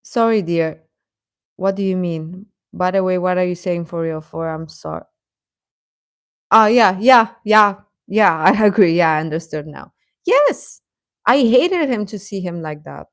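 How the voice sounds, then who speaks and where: A woman casually chatting on a live stream about K-pop, outspoken and animated, laughing between thoughts, swearing now and then, and answering viewers' comments. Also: lowish voice, a little slow, dry recording, clean studio sound.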